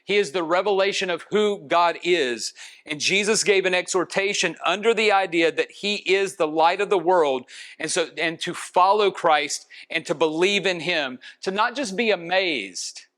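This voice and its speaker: A man preaching a sermon in an earnest way, slowing down to stress key phrases. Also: high-pitched, fairly bright tone. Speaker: pastor.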